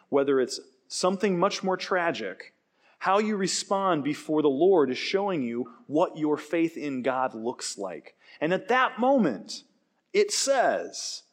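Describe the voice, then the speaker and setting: A man preaching a sermon, telling stories in an animated way and acting out quoted lines. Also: fairly high pitch. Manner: animated storytelling with acted quotes. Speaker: pastor.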